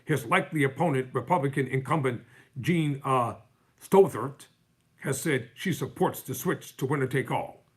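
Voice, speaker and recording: A man's voice: medium pitch, normal speed, breathy edge. A man hosting a live stream, reading news articles aloud and breaking off into fiery, sarcastic commentary.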